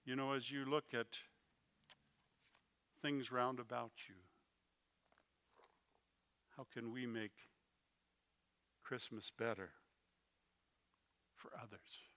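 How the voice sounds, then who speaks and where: A man preaching a sermon, telling a story slowly and with feeling, his volume rising and falling. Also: mid-range voice, fairly even intonation. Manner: slow, emotional storytelling with swings in loudness.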